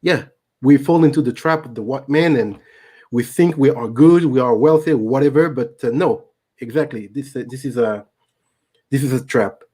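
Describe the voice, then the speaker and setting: A man's voice: medium pitch, moderate pace, mellow, breathy edge. A man with a French accent, a native French speaker, hosting a live stream in a casual way and reading viewer comments aloud. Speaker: host.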